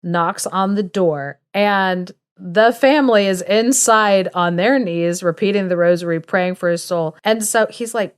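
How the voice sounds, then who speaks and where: A woman hosting a podcast, retelling a ghost tale in a casual, lively way. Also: mid-range voice, moderate pace, clean tone. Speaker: podcast host. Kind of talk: casual storytelling.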